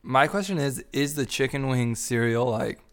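Man, playful podcast co-host, easygoing casual chat, mid-pitched. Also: expressive, moderate pace, clear, resonant tone. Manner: playful, musing out loud.

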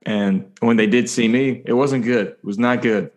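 A man's voice: medium pitch, fairly even intonation. A man in his thirties from Ohio, hosting a casual comedy podcast and asking curious questions. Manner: curious, quick questions and easy laughs. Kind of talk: casual interview chat.

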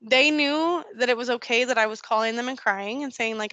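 A woman's voice: fairly high pitch, brisk, few pauses, pushed and bright, no room sound, dull audio. A woman speaking as a podcast guest in a candid personal conversation, earnest and openly emotional.

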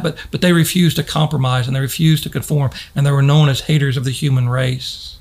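Male pastor, mid-pitched, husky with gravel. Earnest sermon delivery with slow, dramatic pauses. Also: fairly even intonation.

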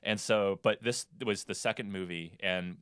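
Deep-voiced man chatting about films. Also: steady tone, moderate pace, a bit bright, smooth, dry recording, studio quality. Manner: rambling, with many fillers and restarts. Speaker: podcast co-host. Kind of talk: casual movie discussion.

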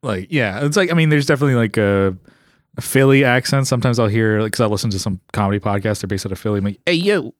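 A man's voice: fairly low pitch, very fast, no echo, clean studio sound. A man from California co-hosting a podcast, rambling through stories in casual chat, laughing often and putting on voices to quote people. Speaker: podcast co-host.

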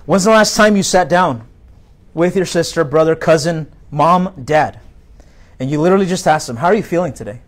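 A man's voice: a little high, moderate pace. A male pastor preaching a sermon in a direct, conversational way, full of rhetorical questions to the congregation.

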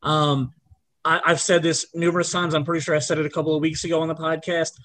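Guy with a pretty high voice rambling on a podcast, blunt, keeps restarting. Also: flat delivery, fast talker, a bit bright. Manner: rambling, blunt, self-correcting. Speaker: podcast host. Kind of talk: casual chat.

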